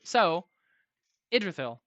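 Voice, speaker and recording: A game master narrating a tabletop game in halting, filler-heavy descriptions. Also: mid-range voice, sing-song, fairly bright tone, dry recording, dull audio.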